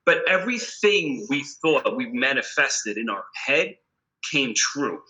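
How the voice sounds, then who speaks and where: A man's voice: medium pitch, big pitch swings, takes it slowly, sharp tone, low-quality recording. A man with a New York accent, a rock guitarist telling a studio story in a casual interview, emphatic and profane, acting out the exchanges he quotes. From United States. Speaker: guitarist guest.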